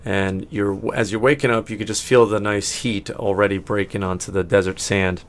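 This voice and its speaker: A man's voice: on the low side, level tone, moderate pace. A man narrating as game master of a tabletop game, rambling and often correcting himself.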